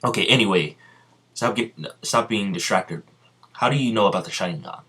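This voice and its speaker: In a homemade spoken fan story, a man voices an arrogant, menacing ninja warlord who speaks bluntly in commands and threats, sounding stern. His fairly low male voice is husky, fairly bright and fairly quick.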